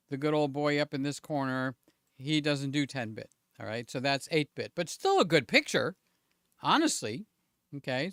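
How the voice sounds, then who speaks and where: A man's voice: fairly high pitch, fairly bright tone, smooth, no room sound, clean studio sound. Chatty man hosting a livestream. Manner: chatty, keeps checking in with viewers; self-deprecating, thinks aloud. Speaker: livestream host. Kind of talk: casual live-stream chat. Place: home studio with several cameras.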